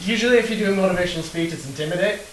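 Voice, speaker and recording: A man's voice: high voice, very fast, a bit bright. A man playing a tabletop game, laid-back and joking, laughing often. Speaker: player. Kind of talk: casual tabletop play. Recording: echoey room, mic far off, noisy.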